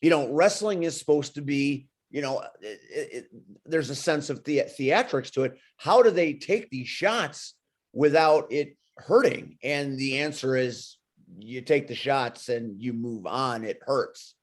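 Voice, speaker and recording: A man with a mid-range voice reflects in a relaxed, casual chat. He chuckles now and then and pads his thoughts with fillers. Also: medium pitch, unhurried.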